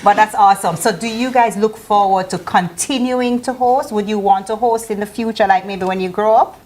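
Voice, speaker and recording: A woman's voice: medium pitch, moderate pace, a little mellow, slight background noise. A woman with a Jamaican accent hosting a morning TV show, chatting in a playful, teasing way. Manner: playful, teasing, laughs easily. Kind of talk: casual TV chat.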